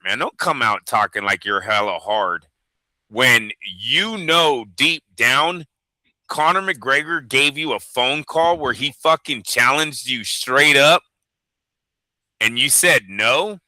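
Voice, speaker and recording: Blunt, very bright-voiced man co-host. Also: mid-range voice, lively intonation, slow, no room sound, rough recording. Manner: blunt, opinionated, swears freely. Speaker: boxing show co-host. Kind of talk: casual profane news chat.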